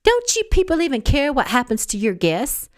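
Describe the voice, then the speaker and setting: A haughty, spoiled young woman, as a female narrator puts her on, talking down to everyone in a snippy, condescending voice. Her pitch swings a lot as she talks. The sound is dry and close. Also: huge pitch swings, moderate pace, dry recording. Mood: indignant.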